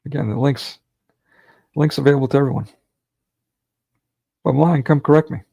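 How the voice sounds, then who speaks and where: A man with a gravelly, creaky voice preaches in a fervent, rhetorical style while hosting a live online watch party. His voice sits at a middle pitch, and the recording is dry and close, with no room sound. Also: moderate pace, mellow, no room sound. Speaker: livestream host. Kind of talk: preaching livestream talk.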